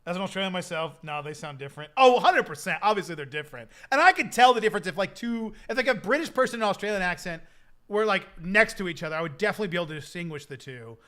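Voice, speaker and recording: A man's voice: high-pitched, animated, very fast, sharp tone. A young adult man hosting a live stream, chatting casually and rambling with lots of filler words. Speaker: streamer hosting a game server giveaway.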